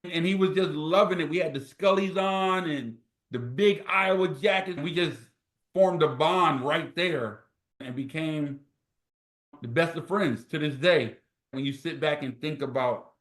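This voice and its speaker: A middle-aged man from New Jersey, a former college football player telling stories as an interview guest and acting out quoted dialogue. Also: medium pitch. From New Jersey, USA. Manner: animated storyteller who acts out quoted dialogue. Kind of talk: storytelling in an interview. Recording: roomy echo.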